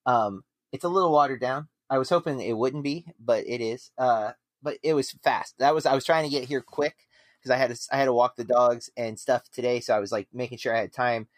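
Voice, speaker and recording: A man's voice: mid-range voice, a little fast, dry recording, studio quality. A man hosting a film podcast, chatting casually and rambling with lots of fillers and restarts. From United States. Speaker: podcast host. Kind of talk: casual chat.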